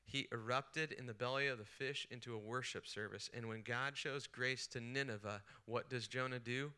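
A man, a pastor, preaching a sermon at a retreat, moving from quiet retelling to animated outbursts as he voices the angry prophet. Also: mid-range voice, moderate pace, clear, resonant tone. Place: retreat session hall.

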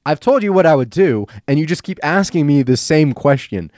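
A man doing a calm young man who answers patiently and reasonably, his tone rising and falling. The recording is dry and close. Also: fairly high pitch, a little fast, no echo, pitched above the performer's own voice, natural voice. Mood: calm reasonable. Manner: level, reasonable.

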